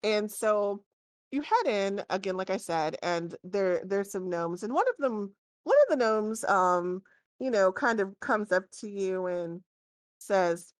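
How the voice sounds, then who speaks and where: A woman's voice: mid-range voice, expressive, measured pace, no room sound, studio quality. A woman running a tabletop game as dungeon master, thinking aloud as she describes the scene.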